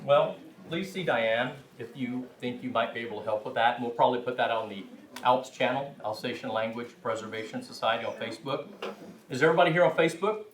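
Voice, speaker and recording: A man's voice: medium pitch, fast talker. A man leading a language class, friendly and laughing along with the group. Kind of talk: classroom teaching. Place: large echoey meeting hall. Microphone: distant room mic. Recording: echoey hall from far off.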